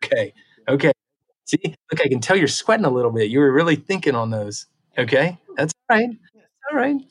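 A man co-hosts a casual podcast, reading out quiz questions with an upbeat, encouraging manner. His voice sits at an ordinary middle pitch, and he keeps praising his partner's answers. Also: very animated, brisk, slightly rough.

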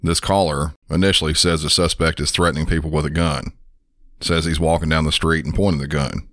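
A male podcast host speaks in an extremely deep, level voice with a measured, matter-of-fact delivery. The recording is dry and close, with no room sound. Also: steady tone, a bit bright, dry recording. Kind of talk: narrating and commenting on 911 calls.

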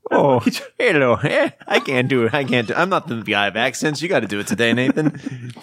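A man's voice: mid-range voice, animated, a little fast, fairly bright tone. A man co-hosting a casual book podcast, laid-back and laughing a lot. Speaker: podcast co-host.

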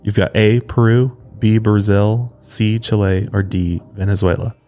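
A man's voice: fairly low pitch, steady tone, unhurried, dark tone, faint music behind. A man hosting a casual podcast quiz game, reading questions and joking with laughs between them. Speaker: podcast host, quizmaster.

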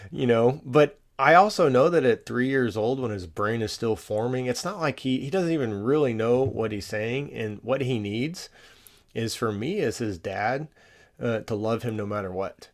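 A man's voice: mid-range voice, normal speed, vocal fry. A man in his thirties, a podcast guest, talking in a reflective, earnest way with many fillers. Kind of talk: casual chat.

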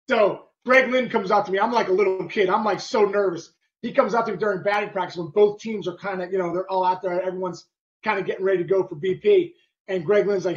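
In this clip, a middle-aged ex-ballplayer turned podcast host tells a story through lively, casual talk and bursts of sound effects. He speaks briskly in a high-pitched voice, and the audio sounds dull.

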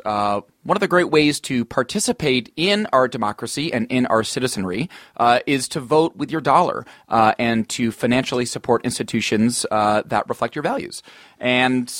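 Man co-hosting, quick to laugh and agree. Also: mid-range voice, fairly bright tone, no room sound, studio quality. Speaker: podcast co-host. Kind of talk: casual comedic chat.

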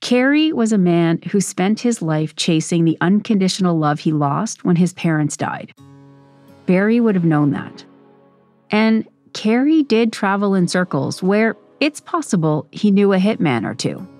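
A woman hosting and narrating a documentary in a measured, serious way. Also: fairly low pitch, lively intonation, a little mellow, faint music behind. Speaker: podcast host and narrator.

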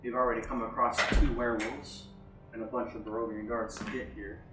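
A man at a tabletop game argues firmly in character, talking quickly in a lowish voice. He sits some way from the mic. The room is echoey and faint music plays. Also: flat delivery, recorded from a distance. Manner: firm, argumentative. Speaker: player.

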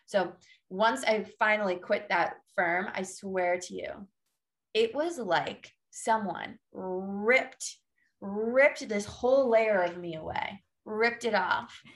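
A woman's voice: mid-range voice, slow, a bit bright. Woman guest, young adult, sassy and emphatic, pep-talk energy, casual interview. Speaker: podcast guest, fitness coach.

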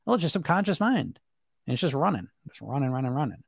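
A man coaching weight loss on a live stream, talking rapidly and bluntly, swearing casually and tagging his points with "right?" and "you know?". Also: fairly high pitch, sing-song, vocal fry, no echo. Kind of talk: live-stream monologue to viewers.

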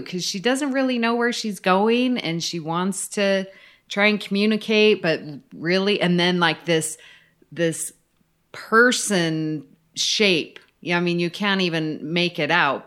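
Smooth-voiced woman co-hosting a podcast. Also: medium pitch, slow, fairly bright tone. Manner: chatty, leading the discussion. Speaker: podcast co-host. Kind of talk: casual chat.

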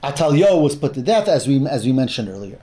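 A man's voice: mid-range voice, big pitch swings, fast talker, dark tone. A man teaching a Bible class, explaining verses step by step, often restarting his phrases and mixing in Hebrew terms.

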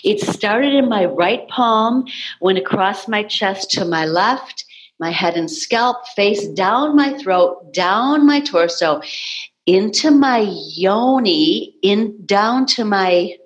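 Slow, earnest woman hosting a podcast. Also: mid-range voice, lively intonation, poor audio. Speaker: podcast host. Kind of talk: spiritual podcast conversation.

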